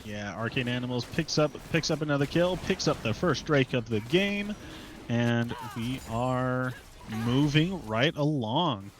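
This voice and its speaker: A man's voice: medium pitch, lively intonation, unhurried, noisy background. Chatty male esports analyst. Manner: conversational analysis with light laughs and filler. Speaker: esports caster. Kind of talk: color commentary.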